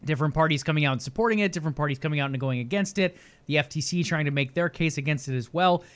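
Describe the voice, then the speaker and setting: Young male podcast co-host, slightly higher voice, casual and speculative. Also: rapid-fire, smooth. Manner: chatty, speculative, thinks aloud. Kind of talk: casual gaming chat.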